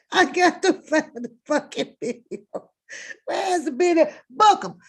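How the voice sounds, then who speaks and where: A woman's voice: high-pitched, expressive. A woman streamer telling a comic story in casual chat, laughing often and swearing freely. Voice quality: laughing, profane, drawn-out.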